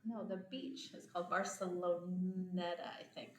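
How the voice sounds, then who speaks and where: A woman's voice: lowish voice, steady tone, moderate pace. A woman hosting a podcast, chatting casually and telling stories with frequent laughter. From United States. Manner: chatty storytelling, laughs often. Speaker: podcast host. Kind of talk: casual chat. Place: home abroad, indoors. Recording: echoey room.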